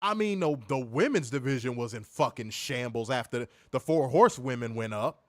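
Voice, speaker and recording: A man's voice: medium pitch, animated, normal speed, dry recording, studio quality. A man hosting a wrestling review stream, ranting in a profane, mocking, emphatic way. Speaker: wrestling show host. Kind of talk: casual profane rant on a livestream.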